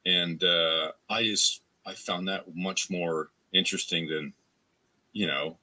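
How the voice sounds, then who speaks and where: A man's voice: steady tone, slow, sharp tone. A man from Canada, a voice actor answering interview questions in a rambling, casual way, full of restarts and fillers. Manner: acts out quoted fans in a higher voice. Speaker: voice actor guest.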